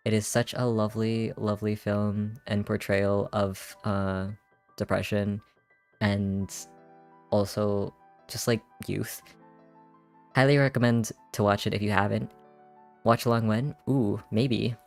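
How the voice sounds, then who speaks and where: A man streamer in casual, rambling chat, animated and joking, swearing freely as he introduces himself. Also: fairly low pitch, a little slow, vocal fry, faint music behind. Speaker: virtual streamer.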